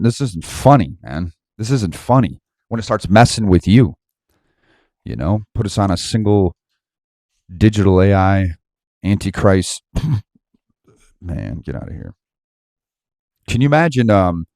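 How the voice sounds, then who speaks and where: A man's voice: sits low, gravelly, darkish tone, no room sound, clean studio sound. A man hosting an online Bible study, ranting heatedly and rambling in slang, laughing to himself between points. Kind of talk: casual ranting commentary.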